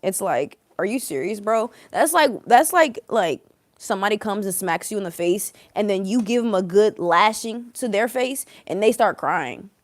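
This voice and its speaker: A woman's voice: mid-range voice, animated, moderate pace, no room sound, clean studio sound. Sarcastic, blunt woman tarot reader. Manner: sarcastic, blunt and profane, laughs often. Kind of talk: live-streamed tarot reading.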